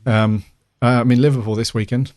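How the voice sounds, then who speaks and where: A man's voice: medium pitch, fairly even intonation, a little fast, a little mellow, no room sound, clean studio sound. A middle-aged man co-hosting a podcast, rambling casually with lots of fillers and restarts. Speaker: podcast co-host. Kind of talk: casual chat.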